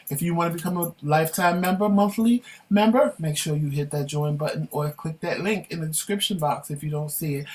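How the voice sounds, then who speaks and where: A man co-hosting a casual talk show, telling stories emphatically and indignantly, then running through promos briskly. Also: a little high, recorded from a distance, slight background noise.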